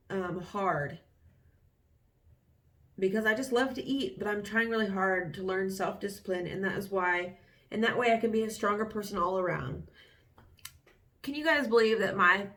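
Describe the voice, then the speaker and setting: A woman's voice: medium pitch, fairly bright tone. A young woman vlogging casually, reading aloud from her old journals with candid, wry remarks and lots of fillers.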